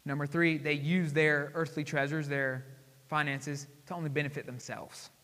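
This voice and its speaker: A male pastor preaches in a high, bright voice. He keeps asking the congregation questions and moves between loud emphasis and quiet asides. The sound carries a long reverb from the church hall. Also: level tone, moderate pace. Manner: call-and-response questions to the congregation. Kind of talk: sermon. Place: church sanctuary.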